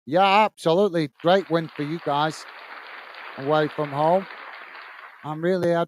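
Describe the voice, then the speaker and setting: A man's voice: on the high side, fairly even intonation, unhurried, pauses often, slight background noise. A British man hosting a football watchalong stream, chatting casually, reading viewer comments aloud and muttering in exasperation about technology. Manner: rambling, exasperated muttering about tech trouble.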